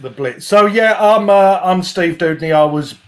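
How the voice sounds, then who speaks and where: Chatty Cockney man, fairly high voice. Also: moderate pace. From East London, England. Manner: chatty storyteller, jokey. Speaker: guest, former fire brigade chief. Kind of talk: casual chat.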